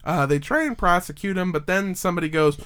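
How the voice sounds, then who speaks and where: A man with a fairly high voice tells a story to his co-hosts in a loose, profane way. He wanders into asides as he goes. The talk stays relaxed and chatty. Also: fast, clear, resonant tone. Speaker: podcast host telling a true-crime story. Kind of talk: casual chat.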